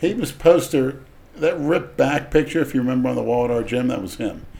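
A man's voice: medium pitch, fairly quick, gravelly, a loud crowd. A man co-hosting a podcast, telling stories in a matter-of-fact way. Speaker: podcast co-host. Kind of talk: casual chat.

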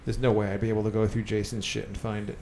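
A man's voice: fairly low pitch, monotone, fast, a little mellow, slight background noise. A man co-hosting a podcast, teasing and wisecracking in casual chat. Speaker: podcast co-host.

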